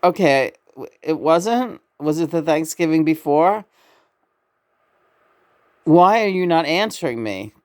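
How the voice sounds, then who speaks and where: A woman's voice: sits low, expressive, slow pace, pauses often, darkish tone. A woman in a casual spiritual vlog at home, laughing often and playfully talking to unseen spirits. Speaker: tarot vlogger. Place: home bedroom.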